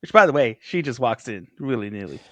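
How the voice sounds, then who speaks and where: A man's voice: medium pitch, very animated, brisk, a little hiss or hum. A man co-hosting a casual podcast, easygoing and agreeable, often laughing along. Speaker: podcast co-host. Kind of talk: casual chat.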